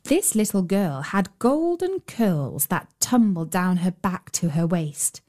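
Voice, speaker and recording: A woman narrating a bedtime fairy tale as a storyteller, with a gentle storybook cadence. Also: fairly low pitch, sing-song, slow.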